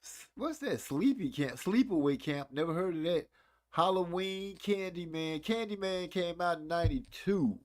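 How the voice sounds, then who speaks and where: A man's voice: high-pitched, expressive, normal speed, a little mellow. A man in his forties hosting a casual live stream, chatting and teasing viewers about old movies. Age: 40s. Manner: playful, teasing, reads chat aloud.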